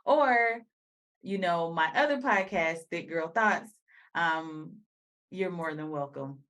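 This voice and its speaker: A woman's voice: lowish voice, slow pace, fairly bright tone. Woman podcast host, casual, chatty, laughs easily, rambles. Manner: chatty and giggly, rambling asides. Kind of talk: casual chat.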